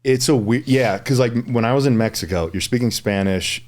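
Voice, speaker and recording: A man's voice: mid-range voice, fairly quick, a little mellow. A man hosting a podcast in casual chat, easygoing and often chiming in with short agreement. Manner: easygoing, with frequent agreeing backchannels.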